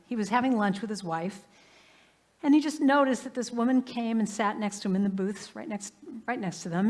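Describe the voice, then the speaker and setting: A woman minister giving a sermon in a live church service, telling everyday stories in a conversational way and often saying "you know.". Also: medium pitch. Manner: conversational, warm anecdotes with frequent "you know". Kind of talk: storytelling sermon.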